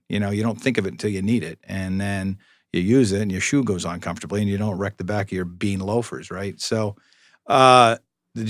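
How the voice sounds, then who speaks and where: In this storytelling interview, the guest is a middle-aged man who works as a police public information officer. He spins long stories full of dry humor and frequent restarts, in a lowish, fairly bright voice with no room sound.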